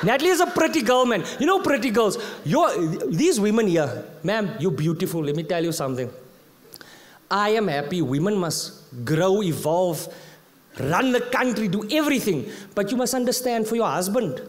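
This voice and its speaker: A man's voice: high voice, moderate pace. A South African man doing live stand-up comedy. He tells stories with lots of energy and mixes Afrikaans slang into his English. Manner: animated storytelling, mixing Afrikaans slang into English.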